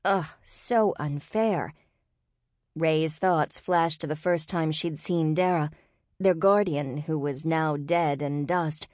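A woman reads an audiobook with steady, expressive narration. Her voice is low, and the recording is dry and close, with no room around it. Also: slow pace, no room sound. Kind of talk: scripted narration.

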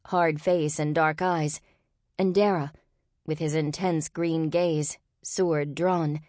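A woman with a low voice narrates an audiobook from a script, her delivery steady and expressive. The recording is dry and close, with no room sound at all.

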